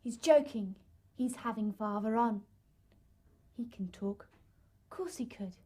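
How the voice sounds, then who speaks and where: An actress playing a proud, bold farm daughter who talks in a boastful, matter-of-fact way. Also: female voice, a little high, slow pace, mellow, husky. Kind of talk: acted monologue.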